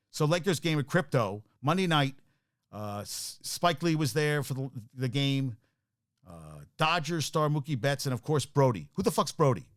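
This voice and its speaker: A man's voice: mid-range voice, dry recording, studio quality. A man hosting a sports talk show, ranting casually and profanely, worked up and full of restarts.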